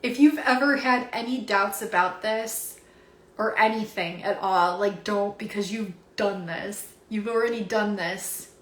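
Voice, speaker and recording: A woman's voice: medium pitch, measured pace, a bit bright. A young woman giving a spiritual card reading on a home livestream, emotional and near tears, gushing with awe and many fillers. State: teary, emotional. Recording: roomy echo.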